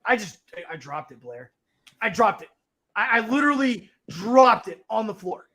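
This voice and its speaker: A man with a fairly high voice tells a story in loose, casual chat, swearing freely. He acts out the other people in his stories, jumping between voices as he goes. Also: sing-song, moderate pace, bright, forceful tone. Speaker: guest on a call-in talk show.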